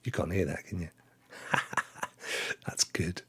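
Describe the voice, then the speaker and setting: A man's voice: low voice, fairly even intonation, takes it slowly. A man hosting a live gaming stream, chatting and joking with viewers in a rambling way. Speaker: gaming show host.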